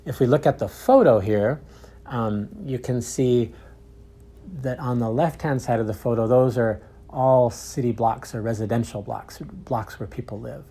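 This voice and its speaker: A man teaching English, with clear, deliberate repeat-after-me drills. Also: mid-range voice, warm tone. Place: outdoors in a park.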